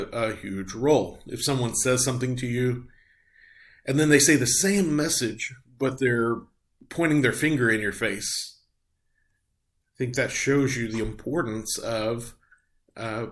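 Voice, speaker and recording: A middle-aged man giving a recorded nursing lecture, explaining step by step with frequent ums and uhs. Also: mid-range voice. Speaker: nursing instructor.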